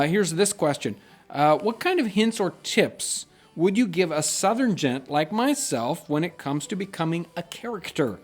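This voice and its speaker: A middle-aged man hosting a casual question-and-answer chat, explaining things earnestly and reading out viewer questions. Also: on the high side. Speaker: channel host.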